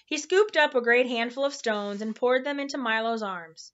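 A woman reading a children's novel aloud in a relaxed, informal way, tripping over hard words now and then. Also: a little high, normal speed, few pauses, dull audio. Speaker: storybook reader.

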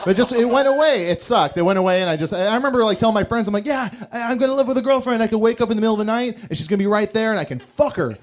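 A man's voice: high-pitched, rapid-fire, few pauses, a little hiss or hum. A young man performing a stand-up routine, telling crude, rambling, self-mocking stories. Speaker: stand-up comedian. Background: audience laughter.

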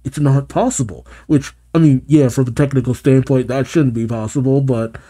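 A man reads a manga chapter aloud as a reaction host and stops now and then for relaxed, offhand remarks. His voice is very dark and mellow, and his delivery is easygoing. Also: medium pitch, moderate pace. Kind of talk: reading a manga aloud with commentary.

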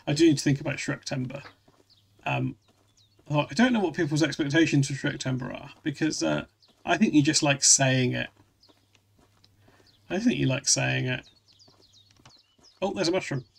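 Guy streaming, gravelly slightly high voice, rambly, keeps restarting sentences. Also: moderate pace, long pauses. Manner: rambling, restarts often, reads chat aloud. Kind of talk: casual live-stream chat.

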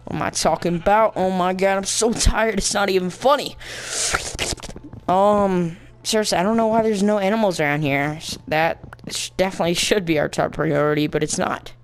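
A man's voice: high voice, steady tone, normal speed, a little hiss or hum. A man giving casual let's-play commentary as a gaming channel host, rambling playfully, mocking himself and adding silly sound effects.

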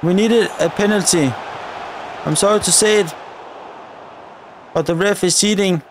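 High-voiced man narrating a football game. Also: measured pace, a little hiss or hum. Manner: chatty, complaining at the referee and players. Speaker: gaming video creator. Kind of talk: live football-game commentary.

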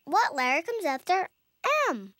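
A woman voicing a cheerful narrator of a children's TV segment, reading slowly in a bright, sing-song storybook manner. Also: high-pitched, big pitch swings, dry recording, exaggerated voice.

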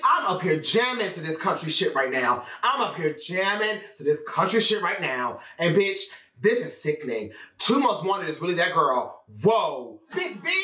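Brief: lively male reaction host, pitch leaps around, roomy distant mic, music under. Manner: animated, exclaiming, addressing viewers as y'all. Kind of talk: album reaction commentary.

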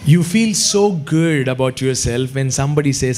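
A man preaching a sermon with an Indian English accent, animated, acting out quotes and breaking into sudden shouts. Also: medium pitch, moderate pace, faint music behind. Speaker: pastor. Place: church hall.

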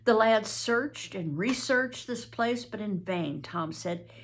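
An older woman reads a classic novel aloud, taking her time. Her pitch rises and falls in a lively storytelling way. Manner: slow, expressive storytelling. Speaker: reader.

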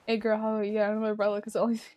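A woman streaming a game, chatting casually and swearing at it in sudden loud bursts. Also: mid-range voice, monotone, fast talker. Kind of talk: casual gaming commentary.

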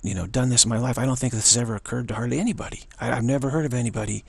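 A man gives an earnest spiritual talk as a teacher. His voice is gravelly and a little husky, and it sounds dry and close. He speaks haltingly and often repeats his words. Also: medium pitch, no room sound.

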